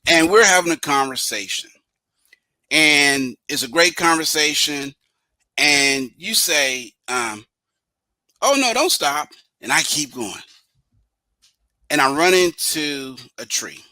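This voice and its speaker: Male coach co-host, slow and bright-toned, highly animated storyteller, dry close sound. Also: no room sound, rough recording. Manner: animated storyteller who acts out dialogue. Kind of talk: conversational podcast talk.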